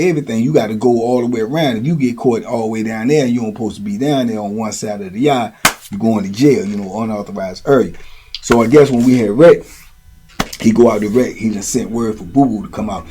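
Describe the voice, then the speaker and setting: A man's voice: medium pitch, mellow, husky. A man hosting and telling prison stories in a casual, streetwise way, full of slang and check-ins with the listener. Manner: streetwise slang, frequent "you know what I'm saying". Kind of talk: casual storytelling monologue.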